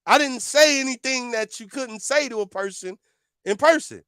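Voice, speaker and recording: A man's voice: very high-pitched, moderate pace, a bit bright, clear, resonant tone, no echo, studio quality. A man giving heated reaction commentary, confrontational and repeating his points as he talks back at a clip.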